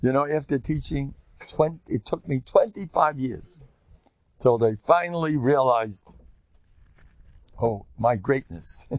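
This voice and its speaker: An older man from the United States, giving a lively Torah lecture as a rabbi in a joking, animated storytelling way. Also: medium pitch, a little slow, no room sound, highs cut off.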